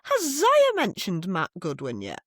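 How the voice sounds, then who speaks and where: A woman's voice: medium pitch, wildly swooping pitch, measured pace, a bit bright, no room sound, studio quality. A woman co-hosting a casual political podcast, blunt and scornful. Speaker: podcast co-host.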